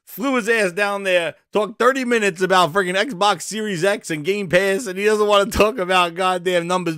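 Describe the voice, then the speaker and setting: A male gaming livestream host rants loosely with plenty of swearing and laughter. His voice sits on the high side. He speaks close to a dry, deadened mic. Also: moderate pace, smooth, dry recording. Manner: profane, excitable, laughing a lot. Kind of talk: casual livestream chat.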